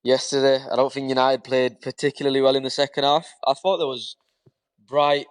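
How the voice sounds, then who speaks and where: A man's voice: mid-range voice, level tone, fairly quick, smooth. A male football fan speaking as a guest in a subdued, disappointed way.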